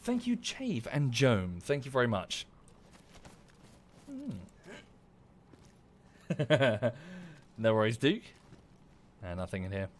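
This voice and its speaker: Slow and full of long pauses, this man's mid-range voice swoops wildly in pitch as he plays a game on a livestream. He has an Estuary English accent from southern England, chats casually, thanks viewers by name and mutters curses at the game.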